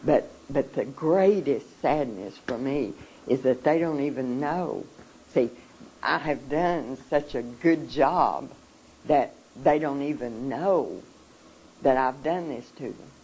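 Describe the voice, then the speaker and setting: At a seminar, an adult gives an emotional talk, speaking earnestly but haltingly, with many pauses and repeated words. The voice is mid-range, darkish in tone and slightly rough, and the recording is rough.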